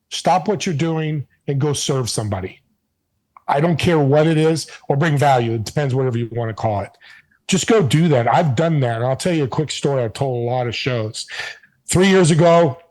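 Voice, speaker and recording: A man's voice: on the high side, darkish tone, rough recording. A man being interviewed, telling stories with emphatic energy. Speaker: podcast host and guest. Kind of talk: casual interview storytelling.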